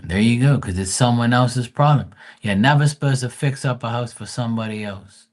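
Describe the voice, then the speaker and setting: A man's voice: mid-range voice, a little fast. A man, giving blunt, profane advice on a casual livestream. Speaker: live tarot reader.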